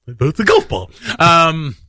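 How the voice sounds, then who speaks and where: A man hosting morning radio, playful and animated, laughing through casual banter in a studio. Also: a little high, takes it slowly, dry recording. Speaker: radio host. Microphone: studio microphone.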